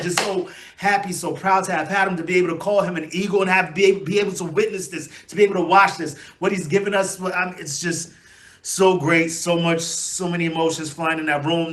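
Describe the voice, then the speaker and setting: A man hosting his own fan channel, talking in rambling, heartfelt commentary with lots of fillers and sudden excited outbursts. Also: sits high, a little fast. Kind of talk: emotional solo fan commentary.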